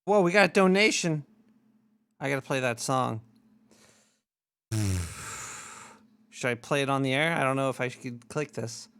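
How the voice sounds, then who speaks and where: A man's voice: mid-range voice, a little slow, pauses often, a bit bright, clean tone. A man hosting a casual talk show, rambling loosely and swearing, a bit drunk. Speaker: show host. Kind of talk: casual radio-show chat.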